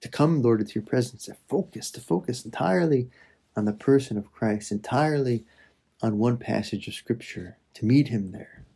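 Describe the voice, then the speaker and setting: This prayer meditation comes from a man whose mellow, darker voice carries a faint husky edge and lively intonation at medium pitch. He pauses softly and shifts from praying into gentle teaching at an unhurried, reflective pace.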